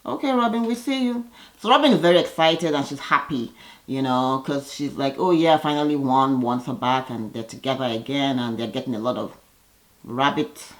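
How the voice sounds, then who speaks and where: A woman vlogger giving a chatty, opinionated recap of a reality TV episode, with lively jumps in her voice. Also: moderate pace, low-quality recording. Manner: lively, gossipy, opinionated with sudden pitch jumps.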